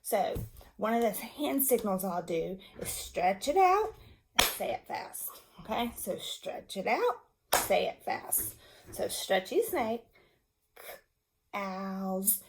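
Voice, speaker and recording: Slow, animated woman teacher. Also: a little high, a little hiss or hum. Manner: slow, patient, demonstrative explanation. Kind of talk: reading lesson for young children and parents.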